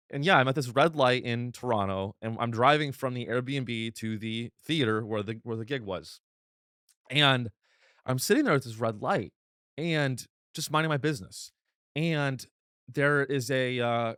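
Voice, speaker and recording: A man hosting a comedy podcast, delivering a deadpan, rambling satirical monologue full of restarts. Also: mid-range voice, no echo, clean studio sound. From United States.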